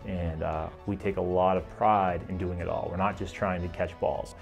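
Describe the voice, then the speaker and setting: A man's voice: low voice, flat delivery, moderate pace, vocal fry, faint music behind. A man, a tight ends coach, talking plainly and proudly about his players in an interview.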